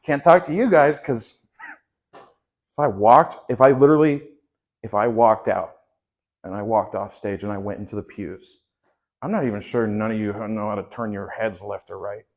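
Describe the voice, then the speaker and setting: A man improvising an exasperated church leader who rants and swears loudly at his congregation in a live comedy show. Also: fairly low pitch, normal speed, dull audio, voice pushed down. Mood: ranting. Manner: ranting, loud, swearing at the congregation. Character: exasperated, foul-mouthed adult church leader.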